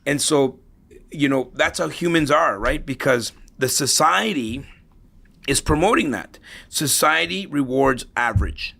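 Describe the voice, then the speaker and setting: A middle-aged man with a gravelly, fry-laden voice of middling pitch tells stories as a podcast guest. He talks in a reflective, motivational way, circling back over his phrases and checking in with a "right?" now and then. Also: animated, a little slow, sharp tone. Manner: storytelling, repeats himself, tags lines with "right?". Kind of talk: conversational podcast interview.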